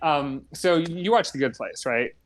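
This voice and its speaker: A man's voice: fairly high pitch, animated, unhurried. A young man co-hosting a casual gaming podcast, a chatty storyteller who acts out both sides of a conversation. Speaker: podcast co-host.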